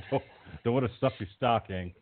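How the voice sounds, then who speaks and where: Dude hosting a podcast, jokey and laughy, mid pitch, sounds like a phone line. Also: male voice, moderate pace. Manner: joking, laughs often between remarks. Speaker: podcast host. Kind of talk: casual chat. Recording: tinny phone-like audio.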